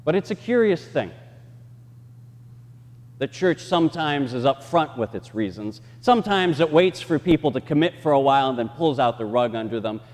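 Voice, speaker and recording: A man's voice: medium pitch, moderate pace, in a large hall. A male pastor preaching a sermon, acting out the voices he quotes. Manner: expressive, acts out quoted voices. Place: church sanctuary.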